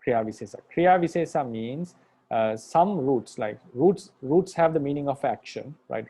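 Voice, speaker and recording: Mellow-voiced monk patiently teaching grammar. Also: male voice, medium pitch, animated, a little slow, slightly rough. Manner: patient, repetitive, restates points with "right?". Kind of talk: explanatory lecture.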